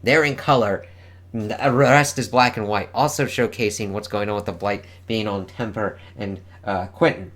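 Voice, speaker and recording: A man's voice: fairly low pitch, fairly even intonation, moderate pace, a bit bright. A man casually reviewing a comic book, swearing freely and reading the dialogue aloud. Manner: casual and profane, reads dialogue aloud in voices. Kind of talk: casual read-along review.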